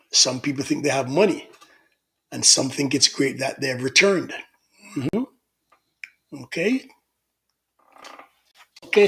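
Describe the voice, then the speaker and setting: A man's voice: fairly high pitch, fairly bright tone. A middle-aged man hosting a casual livestream, reading out viewer comments in a chatty, teasing manner. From Jamaica. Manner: chatty, teasing, laughs often.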